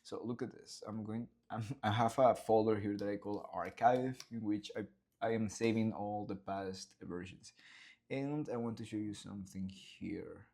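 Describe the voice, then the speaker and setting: A gravelly, fairly low voice belongs to an animator explaining his storyboards at a slightly slow pace. In this casual behind-the-scenes vlog he's lively and enthusiastic, acting out scenes with sound effects and swearing.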